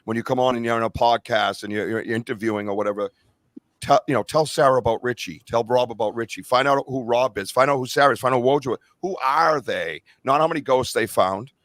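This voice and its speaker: A man's voice: mid-range voice, quick pace, fairly bright tone, no echo, clean studio sound. A middle-aged man hosting a podcast, speaking earnestly and with emotion, his voice choking up at times. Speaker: podcast host. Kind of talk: casual podcast chat.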